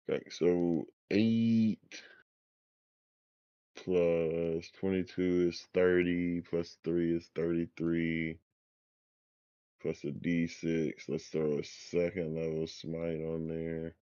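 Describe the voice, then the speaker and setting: A man's voice: low-pitched, little pitch movement, slow, pauses often, warm tone, clean tone, no room sound, muffled recording. A man playing in a tabletop game, laid-back, counting dice aloud. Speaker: player. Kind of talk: casual game chat.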